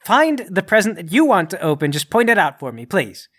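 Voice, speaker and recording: A man's voice: high voice, sing-song, brisk, fairly bright tone. A man playing his character in a comedic tabletop game, speaking in an overly polite, formal way. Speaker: player.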